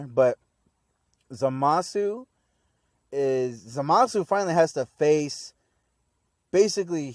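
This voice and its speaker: Young man, casual anime recap host, rambling, slangy, mid-pitched, dry close sound. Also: no room sound. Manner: rambling and slangy, voices the characters in mock paraphrase. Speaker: anime review channel host.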